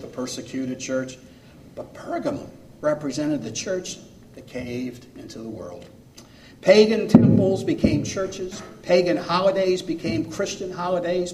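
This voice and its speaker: A man preaching in earnest, rising loud and dropping to near-quiet from phrase to phrase. His voice sits somewhat high for a man. The mic is far away and the church around him rings with echo. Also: a little hiss or hum. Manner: earnest, pausing phrase by phrase, swinging between loud and soft. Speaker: pastor. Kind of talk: sermon. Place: church sanctuary. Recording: echoey room, mic far off.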